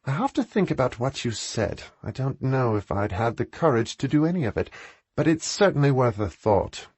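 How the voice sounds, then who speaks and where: A man reading an audiobook, voicing a brusque, sharp-tongued aristocratic woman in a raised voice. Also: big pitch swings, normal speed, slightly rough, dry recording. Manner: exclaiming, higher voice.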